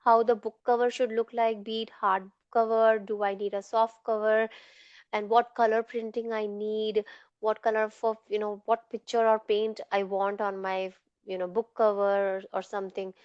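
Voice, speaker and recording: A woman's voice: medium pitch, level tone, normal speed, smooth, no room sound. Female lecturer, mid-range voice, walks students through concepts with constant check-ins, muffled dry recording. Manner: explanatory, many fillers like "okay" and "you know". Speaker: clinical data management instructor. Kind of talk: online lecture. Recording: dull dry lo-fi audio.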